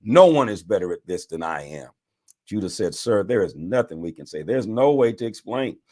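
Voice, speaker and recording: Bishop reading scripture, expressive rise and fall, stops to preach. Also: male voice, lowish voice, moderate pace. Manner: animated reading with preacher asides. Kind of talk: bible reading with commentary.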